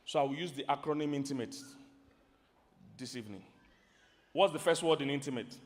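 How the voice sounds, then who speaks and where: A man with a Nigerian accent preaching a sermon to a live audience, animated and quizzing the crowd. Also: medium pitch, brisk, slight background noise. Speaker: pastor and relationship teacher. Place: large hall with a live audience. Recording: long hall reverb.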